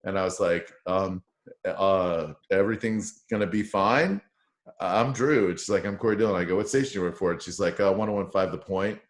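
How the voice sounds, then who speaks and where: A man with a very low voice tells rambling, profane stories with a joker's timing. He is a radio morning show host chatting casually as a podcast guest. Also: brisk. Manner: profane, joking, animated storyteller. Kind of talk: casual podcast interview storytelling.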